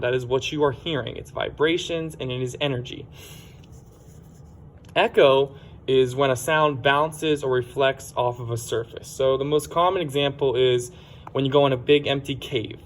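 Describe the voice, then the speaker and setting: A man teaching a science lesson for children in a plain, explanatory way, sometimes correcting himself. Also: medium pitch.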